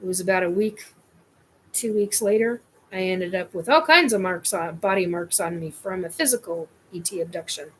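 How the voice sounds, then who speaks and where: A woman's voice: fairly low pitch, normal speed, slight background noise. A woman hosting her own show, telling a personal experience in a scattered, rambling way. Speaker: host.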